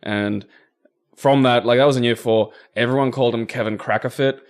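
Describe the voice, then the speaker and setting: A man's voice: mid-range voice, fairly even intonation, brisk. A man co-hosting a casual game commentary, often laughing and swearing as he banters and tells anecdotes. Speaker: co-host playing the game.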